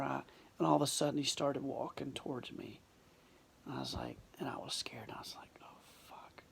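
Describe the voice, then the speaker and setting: A man's voice: on the high side, vocal fry, slightly rough. A man telling a personal story in an earnest monologue, often dropping to a whisper and restarting his sentences. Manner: restarts and repeated words.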